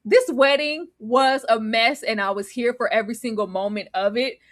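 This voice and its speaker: A woman's voice: fairly high pitch, moderate pace. A woman hosting a live online recap show, chatting casually, laughing often and retelling scenes with drama.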